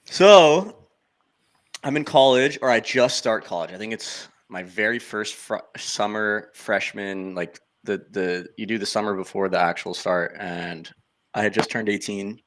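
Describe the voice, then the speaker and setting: A man's voice: on the low side, unhurried, fairly bright tone. A man on a podcast casually telling how he got started, in loose, offhand, clipped sentences. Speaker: podcast guest. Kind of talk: casual storytelling chat.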